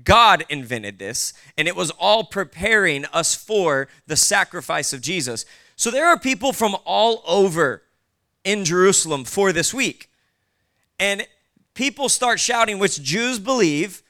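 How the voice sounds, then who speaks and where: Male pastor, fairly high, crisp and bright voice, chatty preaching delivery. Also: animated, measured pace. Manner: casual, conversational preaching with asides. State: short on sleep. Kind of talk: sermon.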